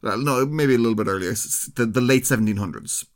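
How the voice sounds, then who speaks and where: A man's voice: medium pitch, quick pace. A man co-hosting a casual podcast, telling a meandering story with a wry sense of humor. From Ireland. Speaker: podcast co-host.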